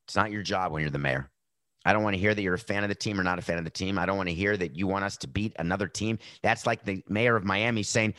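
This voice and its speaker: A man's voice: low voice, steady tone, fast, a bit bright, no room sound. Sarcastic blunt male podcast host. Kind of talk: opinionated commentary.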